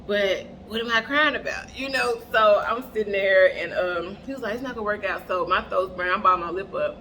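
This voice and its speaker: Young woman spilling a storytime, bright voice, keeps saying y'all, earbud mic, light hiss. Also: medium pitch, brisk. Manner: animated, keeps addressing the audience as "y'all". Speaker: vlogger. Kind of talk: casual storytime chat while doing makeup.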